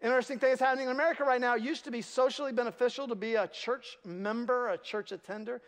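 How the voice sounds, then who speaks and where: A man's voice: extremely high pitch, fairly even intonation, quick pace, long reverb tail. A male pastor preaching a sermon, telling stories with self-deprecating humor. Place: church sanctuary.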